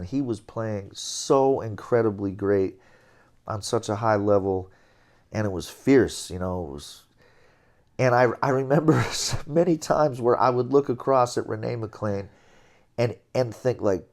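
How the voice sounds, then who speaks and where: Middle-aged man telling jazz stories. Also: lowish voice. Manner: animated anecdotes, chuckling, scatting melodies. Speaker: interview guest, jazz trombonist. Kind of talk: relaxed storytelling.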